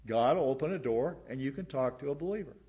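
A male pastor delivering a sermon, repeating words for emphasis and dropping into quiet asides. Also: medium pitch, animated, quick pace, husky, dull audio.

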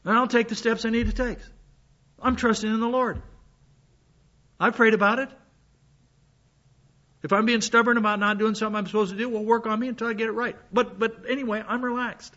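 A man's voice: very high-pitched, flat delivery, a little fast, pauses often, bright, forceful tone. A man preaching a sermon in a folksy, conversational way, full of asides, while he is sick with a cough. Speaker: pastor. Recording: dull lo-fi sound.

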